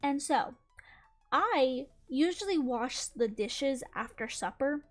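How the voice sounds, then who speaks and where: A woman's voice: high-pitched, expressive, slow pace, soft background music. A young woman with a Southern US accent, chatting casually as a channel host and rambling through a story with lots of "like" fillers. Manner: rambling, heavy use of "like" fillers.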